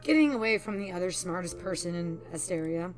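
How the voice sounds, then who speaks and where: A woman voicing a brainy young male scholar who loves chaos and talks excitably about his sibling. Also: lowish voice, brisk, faint music behind, pitched below the performer's own voice, lightly acted. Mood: exasperated.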